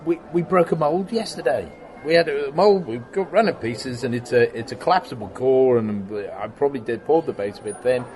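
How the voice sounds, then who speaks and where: A middle-aged man in a casual interview, telling stories about his workshop in an animated way and acting out the exchanges he quotes, laughing often. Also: mid-range voice, brisk. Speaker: guest, special effects workshop owner.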